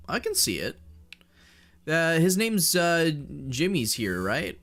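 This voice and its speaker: A young Canadian man streaming, chatting casually with his chat in a fairly monotone voice, swearing and joking as he rambles. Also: a little high, takes it slowly. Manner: rambling, profane, jokey, reads and answers chat.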